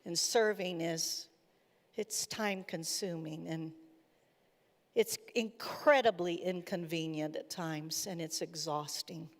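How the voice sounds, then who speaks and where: A woman's voice: on the low side, steady tone, takes it slowly. A woman giving a chapel sermon in an earnest storytelling manner, retelling what people said. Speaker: chapel speaker. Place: college chapel. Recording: echoey hall reverb.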